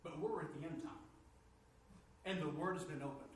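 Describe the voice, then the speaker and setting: A man preaching a sermon, telling stories with lively energy that climbs high and loud when excited. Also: moderate pace, distant mic, a little hiss or hum. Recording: echoey room, from off mic.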